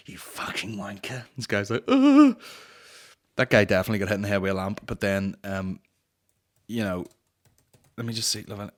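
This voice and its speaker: Male comedy podcast host, lowish voice, crude sweary rants, acts out silly voices. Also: steady tone, fast talker, long pauses, a bit bright.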